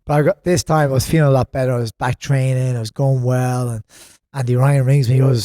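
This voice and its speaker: A man's voice: mid-range voice, fairly even intonation, a little fast, warm tone, dry recording, studio quality. An Irish man in his thirties, a gym co-owner chatting as a podcast guest, telling rambling stories. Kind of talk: casual podcast chat.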